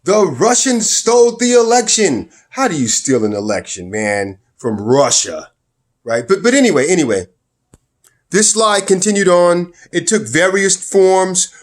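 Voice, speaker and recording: Man, fairly high voice, emphatic, sarcastic, political commentary vlog. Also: big pitch swings, a little slow. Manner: emphatic and sarcastic, with wide swings in pitch and loudness.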